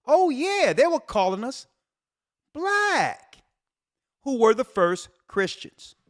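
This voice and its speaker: A man, a church elder and show host, commenting on a news article with an animated preaching delivery, rhetorical questions and repeated emphasis. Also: very high-pitched, a little slow.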